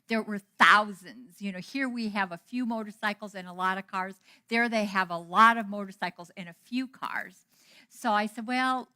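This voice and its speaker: A middle-aged woman minister giving a storytelling sermon, animated and acting out the dialogue she quotes. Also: mid-range voice. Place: church hall.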